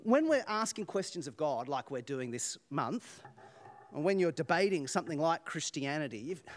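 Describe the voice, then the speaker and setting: Guy preaching in a fairly high voice, jokey, lots of rhetorical questions. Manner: animated storytelling, rhetorical questions, laughs at own jokes. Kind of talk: sermon.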